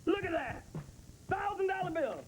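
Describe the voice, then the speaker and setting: A man's voice: extremely high pitch, animated, moderate pace, pitched above the performer's own voice. A stand-up comedian voicing a brash, boastful rich suitor who taunts and shows off his money. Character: brash rich loudmouth suitor, adult man. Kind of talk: comedy sketch with put-on voices.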